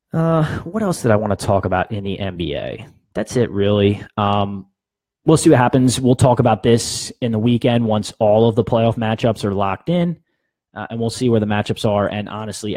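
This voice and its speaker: A young man with a lowish voice runs a casual sports podcast, firing off blunt, opinionated takes. He talks loosely and chuckles at his own jabs. The sound is close and dry, with no room echo. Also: a little mellow.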